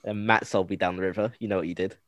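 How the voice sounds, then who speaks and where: A young man co-hosting a casual podcast, playful and animated, acting out little scenes as he tells stories. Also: deep voice, fast talker, dry recording. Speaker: podcast co-host.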